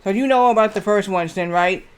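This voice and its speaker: A man streaming live, chatting casually and reading aloud haltingly with lots of fillers. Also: high-pitched, clean tone. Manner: rambling, reads aloud haltingly with many fillers.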